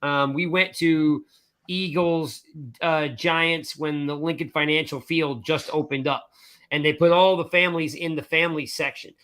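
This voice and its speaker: Bright, high-voiced animated male storyteller. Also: normal speed. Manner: animated storyteller, acts out voices, repeats "I'm like" and "right?". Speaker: podcast co-host. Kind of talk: casual storytelling chat.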